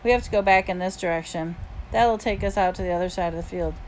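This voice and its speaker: A woman reading the lines of an excitable young boy in an upbeat, slangy way. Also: fairly low pitch, fast talker, a little hiss or hum, lightly acted, rough recording. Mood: excited.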